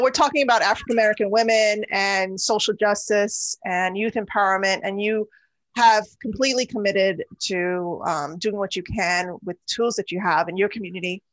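A woman co-hosting a podcast who asks her questions in a measured, deliberate way. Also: medium pitch, fairly bright tone, no echo, rough recording. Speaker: podcast co-host. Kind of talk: casual interview talk.

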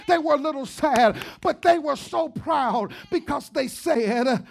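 A woman delivering a fervent sermon in a high-pitched voice, driving her points home through rhythmic repetition. She swings from near-whispers to shouts and keeps calling out "come on now" to the congregation. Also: unhurried, creaky, hardly any pauses. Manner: frequent "come on now" call-outs. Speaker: preacher.

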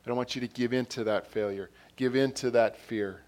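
Man, preacher, earnest sermon, repeats himself, louder on scripture, medium-pitched voice. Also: fairly even intonation, brisk. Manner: earnest, repeats phrases, rises in volume on quotes and scripture.

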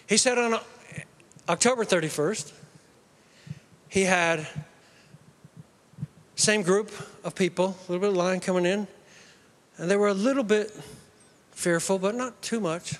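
A man preaching a sermon, telling the story in an animated way. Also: high voice, a little slow, long pauses.

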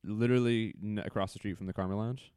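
A man, a stand-up comedian guesting on a podcast, chatting casually, laughing often and jumping into lively voices when he tells stories. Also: fairly low pitch, fast talker, smooth, no echo, clean studio sound. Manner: laughs often, storytelling with lively put-on quotes. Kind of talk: casual chat.

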